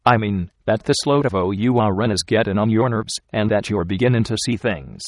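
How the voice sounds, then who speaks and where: A man's voice: on the low side, animated, a little fast, no room sound, clean studio sound. A man voicing a practical, skeptical frontier traveler who speaks bluntly in plain backwoods dialect.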